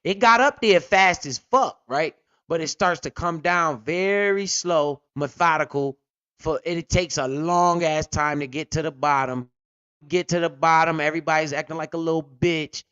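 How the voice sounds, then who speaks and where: A man's voice: fairly high pitch, normal speed, a bit bright, smooth, no room sound, lo-fi sound. A man hosting a casual crypto livestream, telling stories animatedly with lots of slang and swearing. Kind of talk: casual profane livestream talk.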